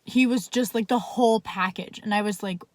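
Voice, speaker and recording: A woman's voice: medium pitch, brisk, no room sound. A young woman telling a story in a casual vlog, talking chattily with constant "like" fillers and plenty of swearing. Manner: chatty, fills speech with "like", swears freely.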